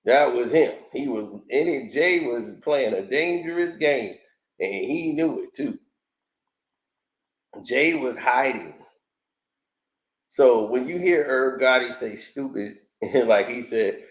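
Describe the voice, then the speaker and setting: A man's voice: mid-range voice, expressive, slow, pauses often, reverberant. A man giving casual commentary on an interview, telling stories animatedly, acting out quotes and laughing often.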